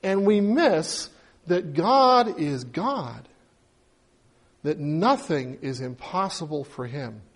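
A man's voice: on the high side, lively intonation, slow. A male pastor giving a sermon in a conversational way, now and then acting out little dialogues.

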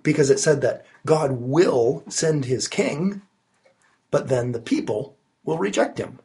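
Husky-voiced pastor with a cold. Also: male voice, a little high, animated, a little slow, dark tone. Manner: earnest, emphatic with rising stresses. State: has a cold. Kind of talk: sermon. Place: his study.

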